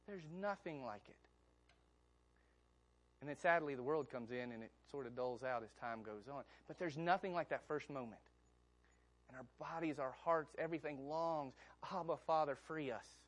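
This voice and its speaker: A man preaching a sermon in a conversational, animated way, often asking the congregation questions. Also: medium pitch, normal speed. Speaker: pastor.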